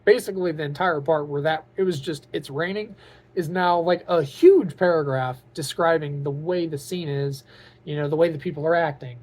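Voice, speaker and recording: A man's voice: fairly high pitch, moderate pace, a little mellow. A man talking to camera in a casual vlog, earnest and openly emotional, rambling with lots of "like" and "you know". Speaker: vlogger and aspiring author.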